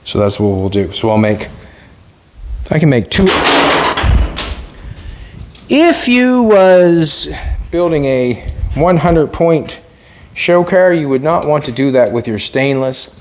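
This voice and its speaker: A man's voice: medium pitch, expressive, a little slow, a little mellow, a little hiss or hum. A middle-aged man hosting a casual workshop vlog, chatty and talking to himself as he works. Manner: chatty, talks to himself while working. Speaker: host and car builder.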